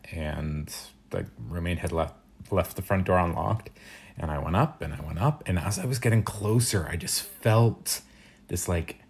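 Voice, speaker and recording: A man's voice: low-pitched, creaky, slightly rough. A man telling a rambling story that builds to a punchline. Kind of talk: storytime monologue.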